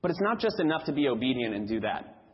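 A man's voice: medium pitch, big pitch swings, fast talker, in a large hall, muffled recording. A man preaching a sermon in a church, emphatic and repeating key phrases for stress.

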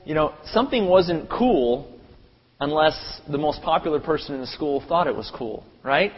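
A man preaching a sermon, animated, acting out crowd voices with sudden loud bursts. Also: high-pitched. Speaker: pastor. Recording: dull lo-fi audio with long hall reverb.

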